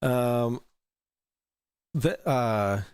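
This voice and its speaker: A man's voice: mid-range voice, extremely slow, darkish tone, clear, resonant tone, dry recording, clean studio sound. A man hosting a casual livestream, reading out super chats in a loose, rambling way, swearing freely and laughing often. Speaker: livestream talk show host.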